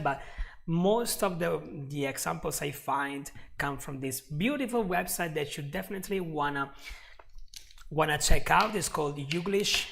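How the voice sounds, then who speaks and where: A man teaching a live online English lesson, chatty and laughing often, repeating example phrases slowly. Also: fairly high pitch, gravelly, fairly bright tone.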